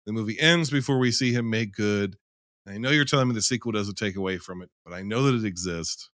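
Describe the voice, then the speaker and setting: A man's voice: fairly low pitch, fast, fairly bright tone, no room sound, studio quality. A man in a casual film-review chat, rambling and emphatic, who swears freely.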